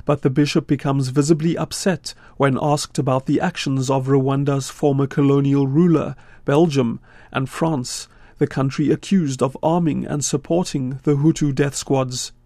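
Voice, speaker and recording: A man reporting a radio news feature in a measured, scripted voice-over from a studio. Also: mid-range voice, no echo. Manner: measured, steady delivery.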